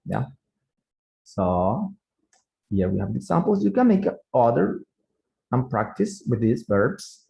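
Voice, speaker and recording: A man teaching an English grammar lesson online, unhurried and checking in with students with frequent "yeah?" tags, in second-language English. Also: medium pitch, very animated, creaky, mellow, poor audio.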